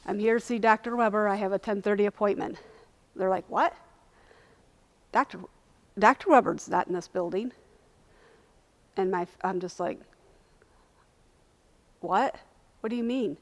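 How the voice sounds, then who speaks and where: A woman speaking at a lunch talk, earnestly recounting a personal experience and acting out what people said. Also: mid-range voice. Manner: earnest, animated retelling, acting out quoted voices. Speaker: invited speaker sharing lived experience.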